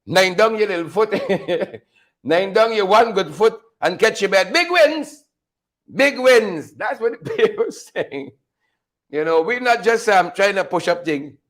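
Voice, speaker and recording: Man, high voice, mocking host, laughs a lot, repeats lines. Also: measured pace. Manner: mocking, laughs often, repeats phrases for effect. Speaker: show host. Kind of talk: unscripted political commentary.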